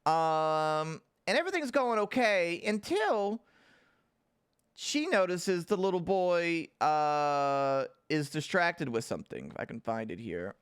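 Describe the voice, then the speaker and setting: A man's voice: fairly high pitch, very animated, slow, clean tone. A man recapping a TV episode in a rambling, casual livestream, with many fillers and restarts. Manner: laughs and swears casually. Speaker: TV show reviewer.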